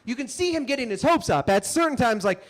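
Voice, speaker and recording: A male comedian tells a stand-up story in an animated, punchy manner, tossing in frequent asides. His voice sits very high for a man. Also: fast talker.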